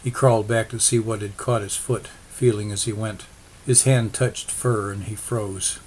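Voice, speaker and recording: A man reading a story aloud as a narrator, in a steady, even storytelling manner. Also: fairly low pitch, a little hiss or hum. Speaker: audiobook narrator. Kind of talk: scripted narration.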